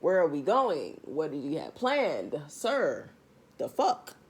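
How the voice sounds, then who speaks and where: A woman's voice: sits low, huge pitch swings, slow pace, breathy edge. A woman doing a casual tarot reading vlog, talking straight to her viewers in a blunt, profane rant. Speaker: tarot reader.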